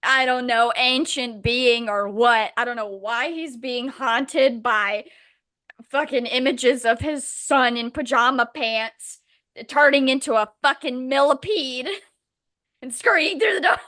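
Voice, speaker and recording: A woman's voice: on the high side, steady tone, takes it slowly, bright, forceful tone. A young woman co-hosting a podcast, casually retelling a book in a rambling, profane, exasperated way. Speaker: podcast co-host. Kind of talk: casual chat.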